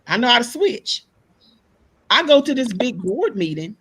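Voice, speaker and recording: A woman tells stories to a panel, acting out the people she quotes. Her voice is husky and sits fairly high. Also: normal speed, poor audio. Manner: animated storyteller, acts out quoted voices. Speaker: panel guest. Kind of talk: casual panel discussion.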